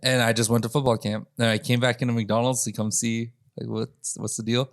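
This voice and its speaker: A man telling stories in a casual podcast chat, swearing freely and animated as he recounts things. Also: medium pitch, fairly quick, no room sound, studio quality. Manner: profane, animated storytelling. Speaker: podcast host.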